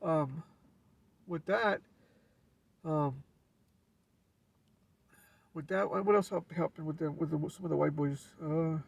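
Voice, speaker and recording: Casting: LA man, gravelly and raspy, laid-back storyteller heard from off-mic. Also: on the high side, steady tone, slow pace, long pauses, dry recording, recorded from a distance. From Los Angeles. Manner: laid-back street slang with frequent restarts. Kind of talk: casual storytelling.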